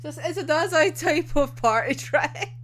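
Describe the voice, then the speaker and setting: A young woman excitedly recapping an anime episode, swearing and laughing often as she talks. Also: sits high, measured pace, slight background noise. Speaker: anime reviewer.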